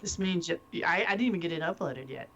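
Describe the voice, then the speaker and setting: A woman chatting casually as co-host of a live-streamed talk show, animated and quick to laugh. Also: lowish voice, muffled recording. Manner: laughs often, animated, loses her train of thought. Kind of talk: casual chat.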